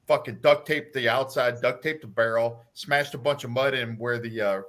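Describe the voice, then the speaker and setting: A man's voice: mid-range voice, steady tone, moderate pace, a bit bright. A man, a former Marine guest, telling prank stories casually with heavy swearing and laughter. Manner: profane, laughing storyteller. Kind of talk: casual livestream chat.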